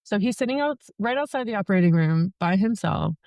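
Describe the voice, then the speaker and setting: A woman's voice: medium pitch, lively intonation, a little fast, darkish tone, no room sound, studio quality. A young woman, a podcast guest, telling a personal story in a casual, chatty way, joking often and filling her speech with "like". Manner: chatty, joking, many fillers like "like".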